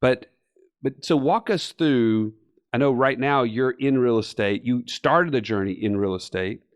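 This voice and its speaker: A man hosting a podcast interview, asking guiding questions in a relaxed, casual way. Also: mid-range voice, a little slow. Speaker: podcast host.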